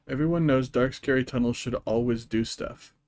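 A young man in the middle of a casual game stream, his voice sitting right at an ordinary middle pitch. He talks to his viewers in a loose, wry way, poking fun at the game and at himself as he plays. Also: moderate pace, darkish tone. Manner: wry, self-mocking asides to chat. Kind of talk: casual gameplay commentary.

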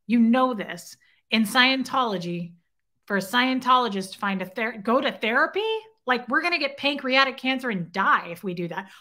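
A young adult woman hosting her own show, casually retelling a personal encounter and acting out both sides of the conversation for her viewers. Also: a little high. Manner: animated retelling with quoted dialogue and side remarks to chat. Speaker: host.

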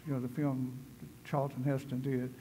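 A man's voice: mid-range voice, level tone, moderate pace, dark tone, slight background noise, low-quality recording. A man preaching a sermon in a church. He tells his story conversationally and builds to fervent, emphatic preaching. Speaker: pastor. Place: church sanctuary.

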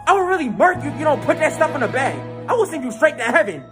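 A man plays a menacing street robber barking orders. The voice is pitched high and moves a lot. Music plays underneath. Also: big pitch swings, fast talker. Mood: threatening. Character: threatening male street robber.

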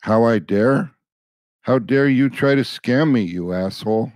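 A man's voice: medium pitch, a little slow, a little mellow, no room sound. A man baiting a phone scammer, impatient and sarcastic, mocking the caller. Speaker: scambaiter. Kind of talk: prank call.

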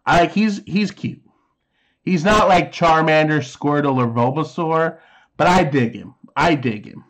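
Slow-talking man opening trading cards. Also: on the high side. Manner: rambling, reads card names aloud, makes sound effects. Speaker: card unboxing host. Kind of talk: casual card-opening commentary.

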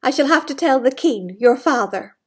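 A woman's voice: sits high, expressive, normal speed, husky. A woman reading the lines of an insistent male frog in a children's storybook, in a stern tone close to her own voice. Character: demanding male frog, threatening to tell the king.

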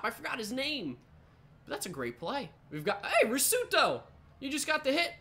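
A woman giving excitable live commentary over a baseball video game, talking to the players on screen. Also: fairly high pitch, fairly quick, a little hiss or hum. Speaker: gaming channel host.

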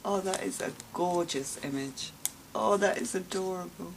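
A woman's voice: lowish voice, normal speed, gravelly, slight background noise, poor audio. A woman chatting at home while opening gifts, gushing, gasping and exclaiming often. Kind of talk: casual unboxing chat.

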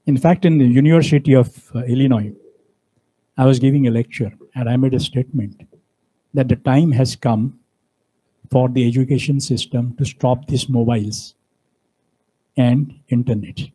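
A man's voice: medium pitch, fairly even intonation, normal speed, long pauses, dark tone, slightly rough, poor audio. A man giving a university lecture, speaking emphatically and asking his audience frequent rhetorical questions. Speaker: guest speaker.

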